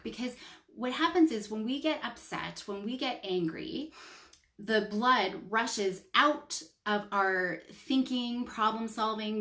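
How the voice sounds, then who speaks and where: A woman's voice: mid-range voice, a bit bright. Canadian woman coaching parents, roomy echo. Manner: explains step by step, often checks in with "right?". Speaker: child psychologist and parenting coach. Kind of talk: casual instructional talk.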